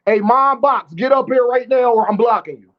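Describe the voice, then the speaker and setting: A man's voice: very high voice, normal speed. A man hosting a live boxing stream, talking brash and profane trash while calling out viewers in his chat. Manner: addresses chat directly, calls out viewers. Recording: dull lo-fi stream audio.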